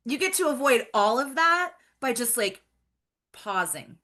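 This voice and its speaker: A woman's voice: a little high, sing-song, unhurried, sharp tone. A woman guest on a podcast, talking earnestly and reflectively in casual chat, with frequent fillers.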